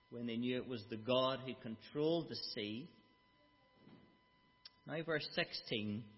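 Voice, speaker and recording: A man preaching a sermon, explaining a Bible passage with emphatic, dramatic quotes. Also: medium pitch. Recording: dull sound with long hall reverb.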